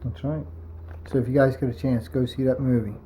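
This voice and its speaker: A young man co-hosting a couple's vlog in relaxed, earnest casual chat, restarting his sentences as he goes. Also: medium pitch, a little fast, slight background noise. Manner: laid-back, earnest, rambling restarts. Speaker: vlog co-host.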